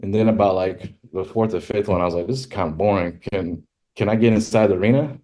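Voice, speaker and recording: A man who is a podcast guest, telling stories casually and animatedly, leaping up in pitch when he quotes himself. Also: quick pace, dark tone. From California. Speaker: guest, rodeo filmmaker. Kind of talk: casual storytelling.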